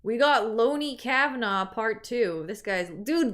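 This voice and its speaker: A woman's voice: medium pitch, a little slow, fairly bright tone. A young woman with a Canadian accent, chatting casually with viewers as a livestream host and reading their comments aloud.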